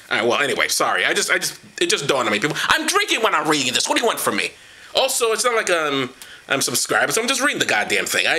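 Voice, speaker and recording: A man's voice: sits high, pushed and bright. A man reading the Bible aloud as comedy, with profane, mocking commentary and put-on voices for the quoted lines, gesturing as he goes. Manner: gesturing while reading, knocks things over.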